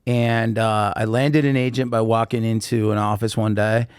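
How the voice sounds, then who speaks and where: A man's voice: lowish voice, normal speed, clear, resonant tone, no room sound, clean studio sound. A man guesting on a podcast, telling long casual anecdotes with lots of fillers and restarts. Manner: rambling, animated anecdotes with many fillers. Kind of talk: casual storytelling interview.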